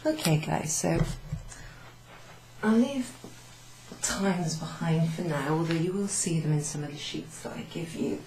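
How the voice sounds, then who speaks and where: A woman's voice: deep voice, unhurried, long pauses, a little mellow, slight background noise. A woman teaching a beginners' French recap, explaining patiently and switching between English and French. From Wales. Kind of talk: relaxed classroom recap lesson. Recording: echoey room with faint background.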